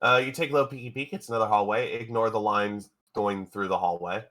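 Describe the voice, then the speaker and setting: Bright-voiced male game master. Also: lowish voice, fairly even intonation, fast talker. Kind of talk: narrating a tabletop game.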